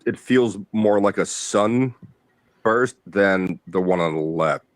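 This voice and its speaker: A man's voice: deep voice, takes it slowly. A man co-hosting a casual podcast chat, laid-back and chiming in with comparisons. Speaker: podcast co-host.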